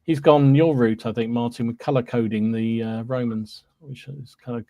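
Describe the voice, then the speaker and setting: A man's voice: medium pitch, steady tone, moderate pace, warm tone, no echo, highs cut off. A man co-hosting a casual hobby podcast, chatting loosely with plenty of fillers. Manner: chatty, full of fillers and "there you go". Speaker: podcast co-host.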